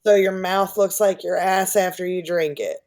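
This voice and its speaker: A woman in casual podcast chat, blunt and quick to laugh along with the others. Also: fairly low pitch, darkish tone, slight background noise. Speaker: podcast co-host.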